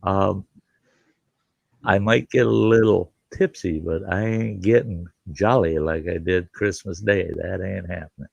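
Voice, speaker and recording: A middle-aged man with a deep, fairly even voice and some vocal fry hosts a show at an unhurried pace. He tells rambling, profane stories, cursing plenty and laughing mid-story in casual storytelling chat. The lo-fi recording has no room sound.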